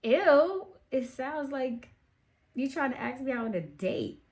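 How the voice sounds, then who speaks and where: A woman's voice: medium pitch, measured pace, darkish tone, voice pushed up, natural voice. A woman voicing a snooty, mean fifteen-year-old girl who is dismissive and scornful. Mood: mocking. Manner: snotty, dismissive.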